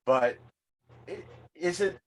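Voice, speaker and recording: Man, fairly high voice, casual podcast chat, rambling storyteller. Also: animated, slow pace. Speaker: podcast co-host.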